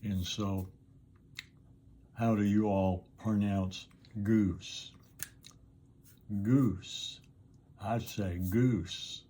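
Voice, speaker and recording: An older man with a Southern American accent, talking casually to his camera outdoors in an unhurried, rambling way with plenty of pauses. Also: on the low side, level tone, warm tone. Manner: slow, rambling and unhurried with frequent uhs. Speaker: vlogger. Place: outdoors in the sun.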